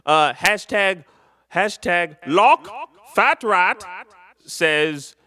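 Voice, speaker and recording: A man from Chicago hosts a late-night live stream from his home and rambles through jokes with a lot of laughing. His voice sits fairly high and swings up and down with animated energy. The sound is close and dry. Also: drawn-out words, pauses often, dry recording. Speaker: live show host.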